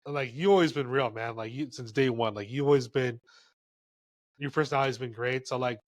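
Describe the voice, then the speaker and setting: A man, a photographer guesting on a podcast, who talks in a relaxed and frank way with lots of filler words. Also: mid-range voice, brisk, no room sound. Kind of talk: casual podcast chat.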